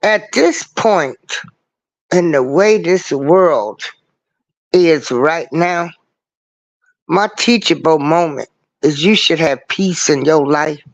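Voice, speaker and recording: Slow, earnest man hosting a livestream. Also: a little high. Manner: earnest, preachy, repeats his points. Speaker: livestream show host. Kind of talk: casual livestream talk. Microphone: computer mic on a livestream.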